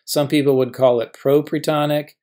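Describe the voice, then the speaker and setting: A middle-aged man teaching a recorded grammar lecture, patient and methodical, slowing down to sound out each example word. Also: fairly high pitch, level tone, darkish tone. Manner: patient, stretches out example words slowly. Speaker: professor teaching biblical Hebrew.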